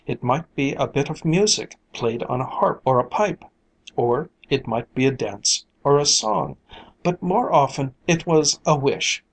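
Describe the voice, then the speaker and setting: Storyteller for a fairy-tale reading; slow, lilting, unhurried. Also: mid-range voice, lively intonation, husky, poor audio.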